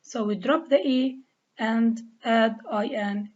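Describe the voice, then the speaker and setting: Lebanese woman teacher, deliberate and slow, spells words out letter by letter, muffled lo-fi sound. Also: fairly high pitch, darkish tone. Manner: spells out letters and repeats each rule step by step. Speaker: English teacher. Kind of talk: slow, deliberate grammar lesson. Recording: dull lo-fi recording.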